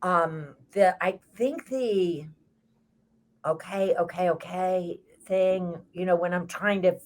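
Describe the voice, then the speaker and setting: A woman's voice: lowish voice, slow. An older woman with a Texas accent, a stage actress telling rambling stories in a casual chat. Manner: chatty, rambling storyteller.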